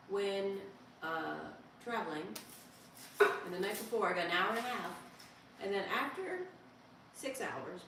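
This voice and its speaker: A woman's voice: mid-range voice, a bit bright, slight background noise. A woman hosting a casual live stream, chatting playfully and reacting to viewer comments as she reads them. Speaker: live streamer reading chat. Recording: echoey room, distant mic, faint ambience.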